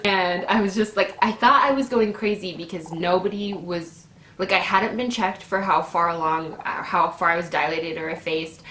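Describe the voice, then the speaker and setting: A woman in her twenties telling a personal story in a casual, animated way, laughing often and acting out her own shouts. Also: on the low side, normal speed. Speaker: vlogger. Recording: echoey room with faint noise.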